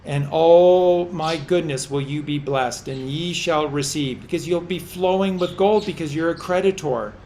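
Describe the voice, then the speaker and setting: Slow, preachy man exhorting listeners. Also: on the high side, a little mellow, a little hiss or hum. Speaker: podcast host. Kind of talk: impassioned religious commentary.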